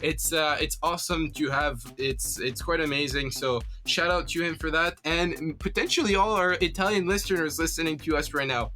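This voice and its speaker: A male radio host with a bright, fairly high voice, talking in an upbeat, loose way. He laughs easily and trips over his words, repeating himself as he goes. Music plays softly behind him. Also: normal speed, hardly any pauses. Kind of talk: casual radio chat.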